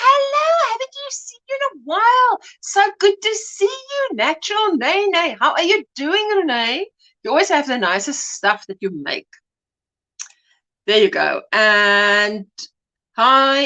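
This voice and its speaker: A woman with a high, bright voice hosts a casual livestream from home. Her pitch swings widely as she chats, laughs and greets each viewer by name. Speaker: crochet livestream host. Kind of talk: casual chat reading viewer comments.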